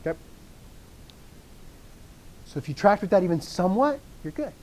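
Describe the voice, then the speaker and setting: A man's voice: sits high, big pitch swings, normal speed, darkish tone. A man teaching a Greek grammar lesson, explaining step by step and quizzing students with encouraging replies. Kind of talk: live online lesson.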